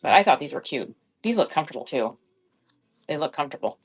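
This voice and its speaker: A woman's voice: low-pitched, expressive, fast, husky. A middle-aged woman chatting casually on a live-stream sale, rambling and thinking aloud while she checks sizes. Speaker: online reseller selling on a live shopping app.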